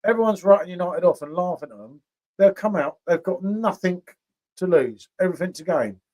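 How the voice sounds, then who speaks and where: A man's voice: high-pitched, expressive, a little fast, a little mellow. A man hosting a casual beer review livestream, chatting with viewers by name and tagging questions onto his sentences. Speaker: beer review channel host.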